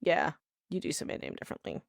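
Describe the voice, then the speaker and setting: A woman co-hosting a casual podcast chat, lively and quick with agreeing interjections. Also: no echo, clean studio sound. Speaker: podcast co-host, author.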